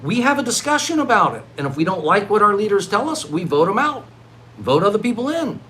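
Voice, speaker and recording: A middle-aged man holds forth on his livestream, talking in a fairly high voice. He jumps between loud, frustrated excitement and low, muttering asides as he rambles. A faint background hiss sits under his voice. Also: a little fast, poor audio. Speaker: livestreaming vlogger. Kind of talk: rambling live-stream monologue.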